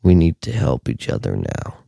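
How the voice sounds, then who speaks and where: A deep, solemn alter ego booms each line with slow, grave weight, as a man puts it on. The sound is dry and close, with no room around it. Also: sing-song, gravelly, warm tone, no echo, exaggerated voice. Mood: ominous. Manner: slow, grave, dramatic reading.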